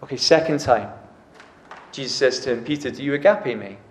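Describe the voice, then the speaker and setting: A man's voice: mid-range voice, fairly quick. A man preaching a casual, chatty sermon, often acting out the dialogue. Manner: conversational, uses "like" and acts out dialogue. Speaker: pastor. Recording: echoey room.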